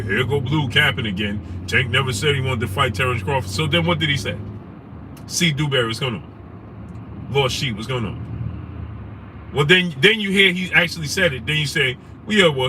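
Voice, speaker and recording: Ranting man in a noisy car. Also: on the high side. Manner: animated, ranting, repeats rhetorical questions. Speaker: sports talk show host. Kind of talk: casual live-stream commentary, reading chat names.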